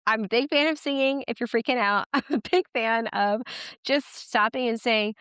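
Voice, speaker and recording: Woman in her 30s chatting as a podcast guest, smooth clear voice, dry close mic, lots of "like". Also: on the high side, a little fast, no room sound. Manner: chatty, animated, many "like" fillers. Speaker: podcast guest, twin parenting educator. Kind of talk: casual interview chat.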